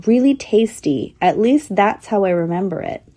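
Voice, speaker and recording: A woman's voice: mid-range voice, lively intonation, normal speed, mellow, natural voice. A woman voicing a young female squirrel telling her story in a matter-of-fact, thoughtful way. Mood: earnest.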